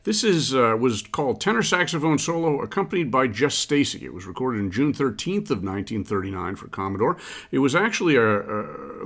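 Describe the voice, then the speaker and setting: Easygoing guy hosting jazz radio, voice goes up and down a lot, pauses to think. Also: mid-range voice. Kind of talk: relaxed radio commentary.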